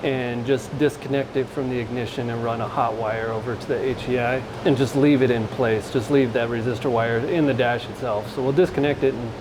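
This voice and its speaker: A man's voice: medium pitch, fairly even intonation, brisk, few pauses. Chatty man vlogging in noisy garage. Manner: chatty, joking, talking to the camera while working. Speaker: vlogger wrenching on a truck. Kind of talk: casual workshop vlog. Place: home garage or shop.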